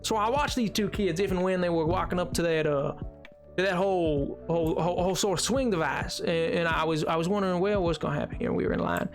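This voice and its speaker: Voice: medium pitch, fast, faint music behind. A livestreamer chatting casually while gaming, rambling with lots of restarts and filler words.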